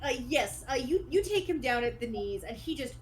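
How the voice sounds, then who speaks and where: A woman's voice: high voice, sing-song, moderate pace. A woman running a tabletop game as dungeon master, narrating casually with frequent restarts. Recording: noisy background.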